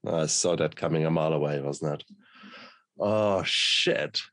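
A man's voice: rumbling low, a little slow, fairly bright tone, no echo. A male interview host who reacts with short remarks and reflective questions. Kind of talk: interview conversation.

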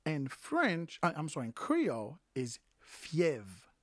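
A man hosting a podcast language lesson, talking in a relaxed way with many fillers and restarts, slowly repeating each phrase. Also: on the high side, no echo, clean studio sound. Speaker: podcast host and language teacher. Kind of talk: casual spoken lesson.

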